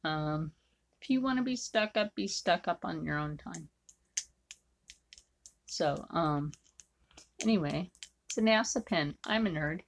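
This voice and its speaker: Gravelly-voiced, slow-talking woman artist. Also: fairly low pitch, lively intonation. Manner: blunt, rambling, frequent fillers. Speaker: artist drawing on camera. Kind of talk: casual chat while drawing.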